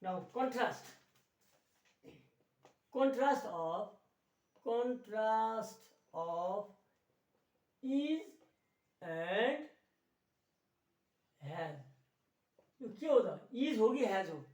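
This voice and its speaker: A man's voice: sits high, lively intonation, darkish tone. Nepali-accented guy teaching grammar, repeats words a lot, roomy echo, a bit far from the mic. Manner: slow, repetitive, drills key words, mixes Nepali explanations into English. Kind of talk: classroom grammar lesson. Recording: echoey room, voice a little off-mic.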